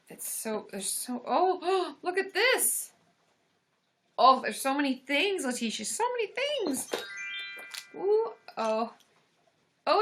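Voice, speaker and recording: A woman therapist hosting a casual livestream, excitable and gushing, full of gasps and exclamations. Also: sits high. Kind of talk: casual live-stream chat.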